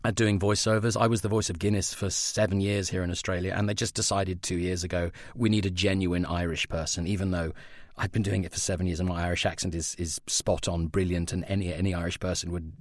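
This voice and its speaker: A man's voice: low voice, quick pace, no room sound, studio quality. An English man in his fifties, a voice actor talking candidly and wryly in an interview. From England. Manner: outspoken, wry, animated storyteller. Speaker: voice actor guest.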